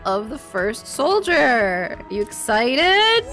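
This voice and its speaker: A woman's voice: mid-range voice, lively intonation, normal speed, a bit bright. Playful, sarcastic woman streamer. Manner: playful, sarcastic, swears freely. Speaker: video game streamer. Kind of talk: casual gameplay commentary. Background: faint game music.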